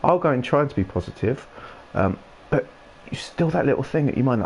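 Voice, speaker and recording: A man's voice: medium pitch, lively intonation, brisk, a little mellow, slight background noise. A man hosting a live gaming stream, chatting in a rambling, casual way and laughing often. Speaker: livestream gaming host. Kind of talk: casual chat while streaming a game.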